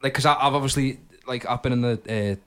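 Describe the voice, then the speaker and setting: A man's voice: mid-range voice, a little fast, clean tone. A man, co-hosting a podcast and telling a story through casual, laughing banter with friends. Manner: animated storytelling with lots of laughing and impressions. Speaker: podcast co-host.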